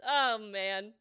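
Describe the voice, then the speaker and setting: A woman's voice: medium pitch, sharp tone, clean tone. A woman livestreaming with a slightly nasal voice, chatting casually and greeting viewers by name.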